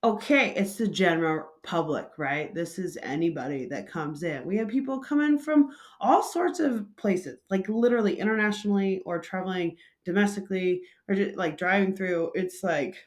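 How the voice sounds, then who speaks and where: A woman's voice: medium pitch, moderate pace, few pauses. A woman hosting a casual vlog, telling a story in a chatty, loose way full of fillers. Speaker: vlog host and coffee shop manager.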